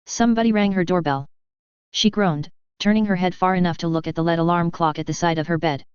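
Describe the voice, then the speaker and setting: Clear, low-voiced woman narrating. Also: fairly even intonation, quick pace, dry recording, muffled recording. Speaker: audiobook narrator. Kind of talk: scripted narration.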